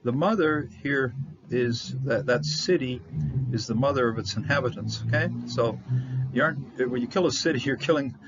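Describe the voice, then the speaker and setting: A man teaching a verse-by-verse Bible Hebrew lesson, halting with fillers and restarts, repeating words for stress. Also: mid-range voice. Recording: dull lo-fi audio with faint noise.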